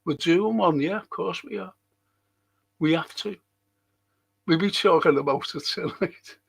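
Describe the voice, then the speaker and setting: A man's voice: a little high, a little slow, vocal fry, slightly rough. A man hosting a livestream, chatting casually and reading viewer comments aloud. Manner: reads viewer comments aloud, chatty and warm-hearted asides. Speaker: livestream host reading chat.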